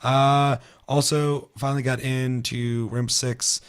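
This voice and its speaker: A man chatting casually on a gaming podcast, swearing a lot and telling stories with animated, shouted quotes. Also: mid-range voice, measured pace, smooth. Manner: profane, animated storytelling with shouted put-on quotes. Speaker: podcast co-host.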